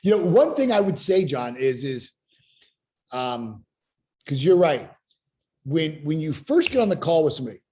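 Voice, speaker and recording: A man with a slightly higher-than-usual voice leads a coaching session over a video call. He teaches with emphatic, lively drive and keeps things moving. His tone is that of a seasoned host answering questions live. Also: a little slow, long pauses.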